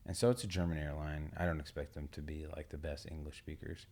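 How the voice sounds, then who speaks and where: Deep-voiced man telling a story. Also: fast talker. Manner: relaxed rambling anecdote, swears, laughs often. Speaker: podcast co-host. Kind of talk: casual storytelling chat.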